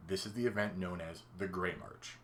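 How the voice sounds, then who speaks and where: A man's voice: deep voice, normal speed, a bit bright, slight background noise. A man co-hosting a chatty podcast, explaining at length and laughing easily. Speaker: podcast co-host explaining game lore. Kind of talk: casual podcast chat.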